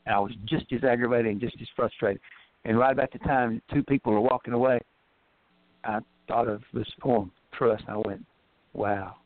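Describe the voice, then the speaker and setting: A man calling in to a radio show, animated and playful in his chatter, over a tinny phone line. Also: medium pitch, brisk, dry recording. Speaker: caller. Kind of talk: casual call-in chat.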